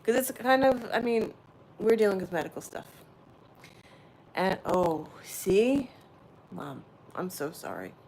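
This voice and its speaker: A woman hosting a casual spiritual livestream, rambling warmly and answering her viewers' chat directly. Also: mid-range voice, sing-song, takes it slowly, creaky, pauses often, a little hiss or hum. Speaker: livestream host.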